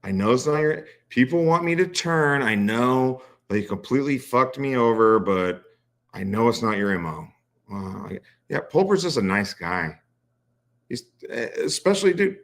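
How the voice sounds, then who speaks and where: A man's voice: medium pitch, fairly bright tone. A man commenting casually on clips, sarcastic and profane, mocking what he hears. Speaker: streamer reacting to clips.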